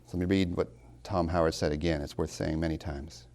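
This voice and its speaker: Male college lecturer, low gravelly voice, emphatic, drags out key words. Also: fairly even intonation, a little mellow. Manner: emphatic, with rhetorical questions; slows down to stress key words. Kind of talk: classroom lecture on poetry.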